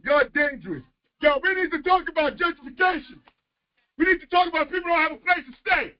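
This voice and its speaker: A man in a heated street confrontation, shouting and confrontational, heard in a played clip. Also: very high-pitched, animated, a little fast. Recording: muffled lo-fi clip audio.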